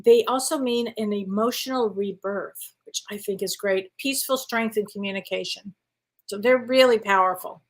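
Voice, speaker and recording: A woman co-hosting a casual spiritual chat show, an animated, chatty storyteller who reads viewer questions aloud. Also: mid-range voice, normal speed. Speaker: co-host. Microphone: live online show.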